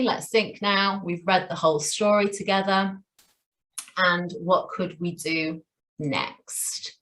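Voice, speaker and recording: A woman's voice: on the low side, steady tone, slow pace, a bit bright. A woman co-hosting a teacher training webinar, chatty and enthusiastic, laughing often. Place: online webinar.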